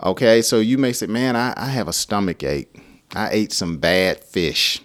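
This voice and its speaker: A man with an American accent teaching an English lesson, explaining slowly and acting out short everyday dialogues. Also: lowish voice, animated. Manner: slow, friendly explaining, acting out short exchanges.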